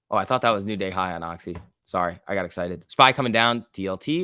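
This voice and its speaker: A man hosting a live trading stream, giving loose running commentary, reading chat aloud and breaking into quick excited outbursts. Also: low-pitched, clear, resonant tone, no echo, studio quality. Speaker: livestream host.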